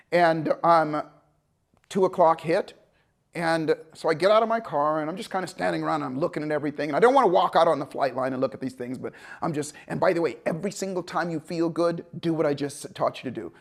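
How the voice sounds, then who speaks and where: A man telling a story as a motivational speaker, animated and conversational. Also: fairly high pitch. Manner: animated, conversational, acts out voices. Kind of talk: storytelling talk to an audience.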